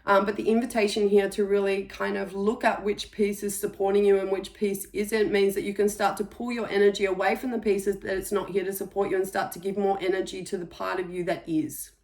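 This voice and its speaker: A woman talks through a monthly intuitive energy reading in a gentle, unhurried way. She pauses softly between her thoughts, and her voice sits at an ordinary middle pitch for a woman. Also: flat delivery. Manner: gentle, reflective, with soft pauses. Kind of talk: spiritual monthly reading, casual monologue.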